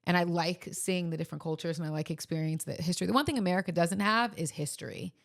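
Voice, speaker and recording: Woman, 30s, podcast co-host, low pitch, gravelly fry, earnest, halting. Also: dry recording, clean studio sound. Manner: earnest, emotional, hesitant with many ums. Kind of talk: casual chat.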